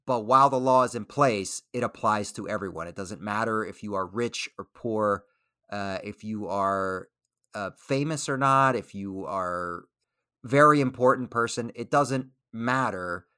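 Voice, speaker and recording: Thoughtful, measured man. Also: lowish voice, bright, forceful tone, clean tone, no echo, clean studio sound. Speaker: guest comedian and military veteran. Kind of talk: casual interview.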